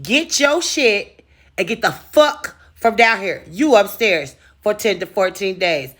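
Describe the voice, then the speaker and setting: A woman voicing her husband, gruff and commanding. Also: high voice, expressive, slow pace, a bit bright, exaggerated voice. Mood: stern. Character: stern husband ordering his wife upstairs.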